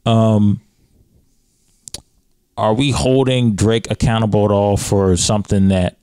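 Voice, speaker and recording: A man hosting a casual podcast conversation, leading with questions and pitching up when he presses a point. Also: fairly even intonation, slow pace, dark tone, smooth, dry recording. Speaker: podcast host.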